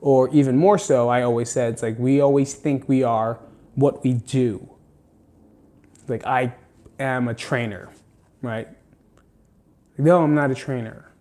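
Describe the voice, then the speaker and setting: A man's voice: mid-range voice, steady tone, unhurried, pauses often, dark tone. A man hosting a casual motivational monologue, rambling and candid, swearing freely and drifting into side remarks. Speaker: host.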